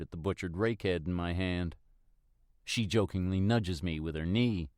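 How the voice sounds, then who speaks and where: A man narrating a first-person mystery audiobook in a steady, reflective manner. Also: sits low, normal speed, dry recording, clean studio sound.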